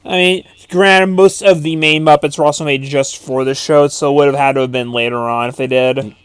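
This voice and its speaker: A man's voice: a little high, fairly even intonation, fairly quick, clean tone, dry recording. A young man co-hosting a casual movie commentary, chatty and wry, giving opinions with small hesitations.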